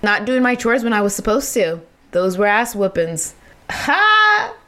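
A woman hosting a podcast, telling a personal story in a candid, casual way. Her speaking pitch is mid-range. She is animated and swears freely, often laughing as she talks. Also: normal speed. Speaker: podcast host.

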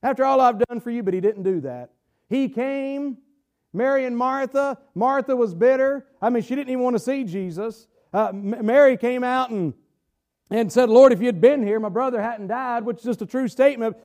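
A man preaches a sermon in church. His voice sits very high for a man. He drawls and stretches his words, then fires questions out at the congregation. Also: moderate pace, a little mellow. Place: church sanctuary.

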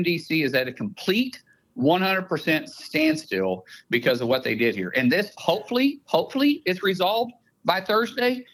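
A man's voice: fairly high pitch, a bit bright, husky, poor audio. Emphatic man with an Oklahoma accent. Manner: emphatic, piles up explanations. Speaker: senator, guest. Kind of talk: casual radio interview.

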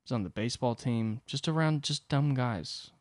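A man's voice: medium pitch, normal speed, dry recording, studio quality. A young adult man hosting a solo podcast, telling a comedic story with profane, rambling asides. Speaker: podcast host.

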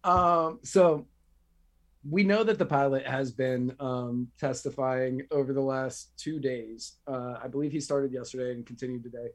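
A man co-hosting a casual news podcast, talking loosely and joking as he works through his notes. His voice sits at a middle pitch. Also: steady tone, normal speed. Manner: chatty, joking, reads from notes. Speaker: podcast co-host.

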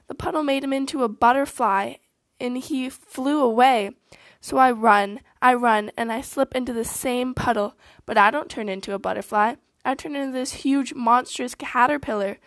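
A young woman casually telling an absurd made-up story in a rambling, deadpan way. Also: fairly high pitch, gravelly, dry recording.

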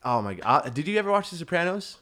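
A man's voice: on the high side, big pitch swings, fast, sharp tone. A young man talking as a podcast guest in casual chat, laid-back and rambling, laughing often.

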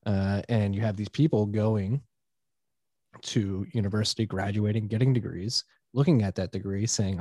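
A man co-hosting a podcast, chatting casually and explaining his views in an animated, opinionated way. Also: on the low side, moderate pace, dry recording. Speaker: podcast co-host. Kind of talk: casual conversational chat.

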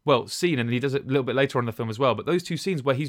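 A man chats casually as a podcast co-host, rambling and enthusiastic. His pitch sits at the middle of the usual range. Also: expressive, racing, no echo, studio quality. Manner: rambling, enthusiastic, many restarts and fillers. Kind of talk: casual chat.

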